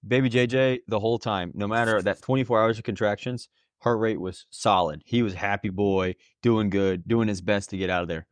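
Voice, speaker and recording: Young male podcast host, lowish voice, dry close sound, earnest and easily moved. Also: fairly quick, no room sound. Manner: earnest, emotional, laughs often. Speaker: podcast host, new father. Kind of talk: casual podcast chat.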